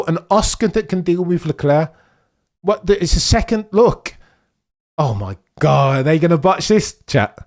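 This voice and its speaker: Unhurried in pace, a man running a live race watch-along stream comments excitedly and pleads with the drivers. His delivery shifts between low mutters and high, urgent bursts.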